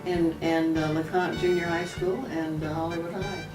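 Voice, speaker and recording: An older woman from Texas, a mother, reminiscing in a chatty, unhurried way during a family interview. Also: on the low side, level tone. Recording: roomy, distant mic, music behind.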